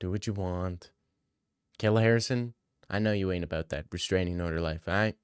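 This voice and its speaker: A man's voice: low voice, steady tone, brisk, clean tone, dry recording, clean studio sound. A young man hosting a casual livestream. He reads out viewers' questions and answers in a joking, slang-heavy way. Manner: slangy, joking, reads chat questions aloud then riffs. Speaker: livestream host answering chat.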